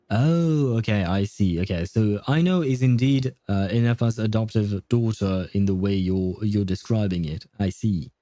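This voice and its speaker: Rambling streamer, dark dry voice. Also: male voice, fairly low pitch, no room sound. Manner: rambling, self-correcting, chuckling. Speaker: game streamer. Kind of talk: casual chat while playing.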